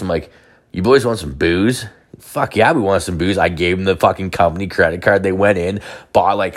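Crude rambling man, very low voice. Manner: crude, rambling, constant filler words and swearing. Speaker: storyteller. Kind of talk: casual storytelling.

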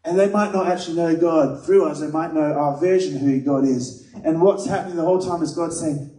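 A man's voice: fairly high pitch, fairly quick, few pauses, warm tone. Earnest male preacher in an echoey hall. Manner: earnest, conversational preaching with personal stories. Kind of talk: sermon. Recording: echoey room, mic at a distance.

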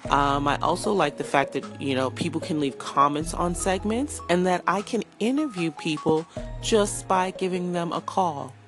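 A woman's voice: fairly low pitch, normal speed, music in the background. A woman leaving a voice message for a podcast, chatty and hesitant with fillers. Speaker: caller.

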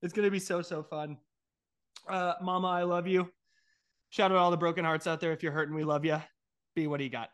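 A man's voice: fairly high pitch, fairly even intonation, a little fast, long pauses, a bit bright, clear, resonant tone. A man co-hosting a casual podcast, teasing his friend with trivia and laughing often. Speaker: podcast co-host asking trivia. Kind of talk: casual chat.

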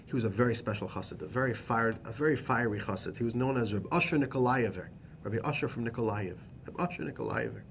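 A man, a rabbi teaching a class, telling a story with animated emphasis and repeated phrases. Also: medium pitch, quick pace, vocal fry, few pauses, highs cut off, slight background noise. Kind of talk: storytelling lesson.

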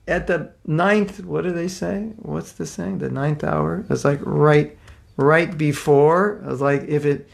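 A man preaching in a loose, conversational way, trading personal stories with self-deprecating humor. His voice sits a bit high for a man and has a gravelly, creaky texture. He stumbles and restarts often as he talks. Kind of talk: informal sermon with personal stories.

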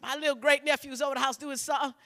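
A middle-aged male preacher with a very high, piercing voice and a sharp, forceful edge. He preaches in church, shouting and calling for the congregation to answer him, doubling back on words in a fervent rhythm. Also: level tone, racing, a little hiss or hum. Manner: shouting, urging call-and-response. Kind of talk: sermon.

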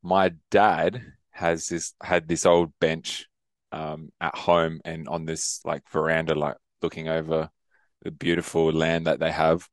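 With a measured pace, a flat delivery, and a deep rumble, this young man co-hosts a casual podcast chat. The studio sound is clean and dry as he wanders through stories, laughing a lot and cursing offhandedly.

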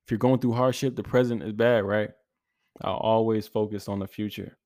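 A man's voice: lowish voice, fairly even intonation, moderate pace, darkish tone, dry recording, clean studio sound. A man in his twenties hosting a podcast, giving an earnest, casual motivational talk full of slang, repeated phrases and restarts. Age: 20s. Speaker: podcast host.

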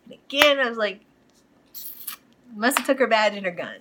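A woman's voice: on the high side, animated, normal speed, noisy background. Rambling woman recapping a TV episode. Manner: rambling, full of fillers like you know. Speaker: podcast host.

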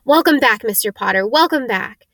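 A woman's voice: on the high side, expressive, normal speed, creaky, a bit bright, dry recording, clean studio sound. A woman voicing an old, bald male bartender who speaks in a breathless, reverent way. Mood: awestruck.

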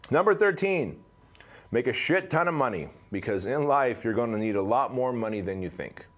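A man giving a motivational talk in a blunt, profane, emphatic way, telling a story with big swings in pitch and loudness. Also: lively intonation, normal speed. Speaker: motivational speaker.

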